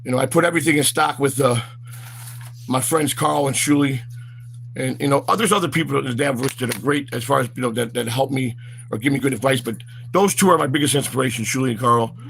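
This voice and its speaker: A man's voice: medium pitch, fast, creaky, a bit bright, a little hiss or hum. Rambling man vlogging outdoors. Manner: rambling, with many fillers and stammered repeats. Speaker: vlog host. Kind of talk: rambling walk-and-talk vlog.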